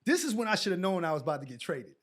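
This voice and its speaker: A middle-aged man from New York, a podcast guest and former pro basketball player, telling colloquial stories with animated dialogue. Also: sits high, racing. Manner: colloquial, animated storyteller who acts out dialogue. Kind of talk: casual storytelling interview.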